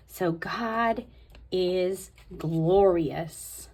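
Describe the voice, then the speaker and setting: A woman's voice: mid-range voice, expressive, measured pace. A woman host talking casually through a Bible tabbing tutorial, thinking aloud as she marks pages. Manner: chatty, thinking aloud while marking her Bible. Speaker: Bible study video host.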